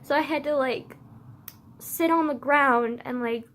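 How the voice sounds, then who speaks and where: A woman's voice: high voice, measured pace, fairly bright tone, slight background noise. A young woman telling a personal story in a casual vlog, rambling with constant "like" and casual swearing.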